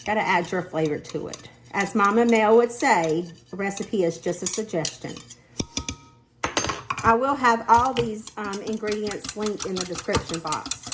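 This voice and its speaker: Speaking unhurriedly in a medium pitch, this cooking channel host films a casual vlog in her home kitchen. She's chatty and pokes fun at herself while addressing viewers directly, as the clatter of pots and pans and the sound of whisking come through clearly in the background.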